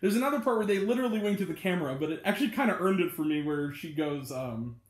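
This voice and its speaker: A man's voice: high voice, expressive, fast. A man hosting his own channel, giving a casual spoken movie review, rambling and chatty with lots of filler words and little laughs. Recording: roomy echo.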